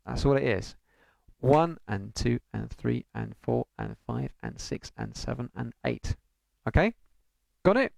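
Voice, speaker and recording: Patient male piano tutor, gravelly edge, counts rhythms aloud. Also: medium pitch, big pitch swings, unhurried, dry recording. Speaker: piano teacher. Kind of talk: online music lesson.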